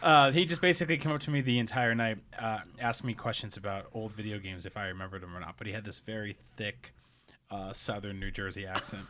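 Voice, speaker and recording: A man hosting a casual gaming podcast, telling stories with animated, laughing delivery. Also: fairly low pitch, brisk, a little hiss or hum. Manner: animated storytelling, laughs often. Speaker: podcast host. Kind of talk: casual chat.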